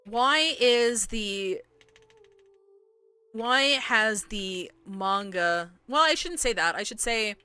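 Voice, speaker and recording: Woman streamer, bright edgy voice, worked up, rambling, apologetic. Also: on the high side, animated, slow, clear, resonant tone. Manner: rambling, frustrated, apologetic, many restarts. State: agitated. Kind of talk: casual live-stream chat with viewers.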